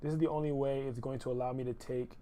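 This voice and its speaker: A man's voice: medium pitch, level tone, fast talker, warm tone. A young man photographer chatting loosely on his live stream while he edits, full of slang and repeated phrases. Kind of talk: casual live-stream chat.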